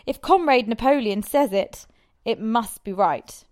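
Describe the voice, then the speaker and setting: A woman voicing a simple, loyal male cart-horse who speaks slowly and earnestly. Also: a little high, lively intonation, a little mellow.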